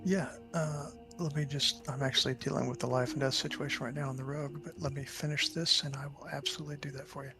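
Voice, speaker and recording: Gravelly man on a gaming voice call. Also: mid-range voice, flat delivery, quick pace, hardly any pauses, music in the background. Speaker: friend in voice chat. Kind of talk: casual gaming chat.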